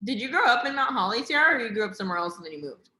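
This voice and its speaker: A woman's voice: a little high, big pitch swings, pushed and bright, reverberant. A young woman in her twenties from New Jersey, with a New Jersey accent, hosting a casual livestream chat and talking emphatically with lots of "like". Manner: fast, filler-heavy, emphatic. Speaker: livestream host.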